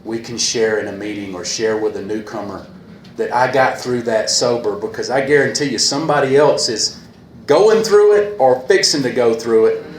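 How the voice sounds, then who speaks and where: A man speaking earnestly at a recovery meeting, repeating a refrain and pausing often with fillers, a little emotional. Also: medium pitch. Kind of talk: personal talk at a meeting. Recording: echoey room with faint hiss.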